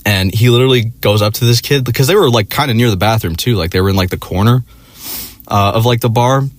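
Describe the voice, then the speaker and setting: A man's voice: medium pitch, fast talker, no echo. A man telling a rambling personal story in casual, profane language, laughing along as he goes. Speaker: vlogger.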